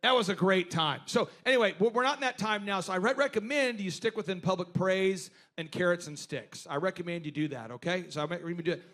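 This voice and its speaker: A man's voice: high voice, fast, few pauses, a bit bright. A man in his forties hosting a business workshop, telling stories to a live group and acting out other people's lines with animation.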